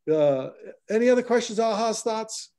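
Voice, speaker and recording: Mellow-voiced man hosting a group call. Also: high voice. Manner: loose and repetitive, restarts phrases. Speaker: host of a call-in show.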